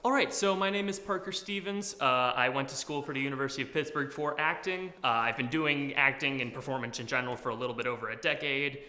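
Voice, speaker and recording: Young man, from DC, auditioning actor, bright voice, echoey hall. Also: mid-range voice, fast, hardly any pauses. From Washington, D.C. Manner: self-deprecating, joking, with filler words. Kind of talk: audition interview.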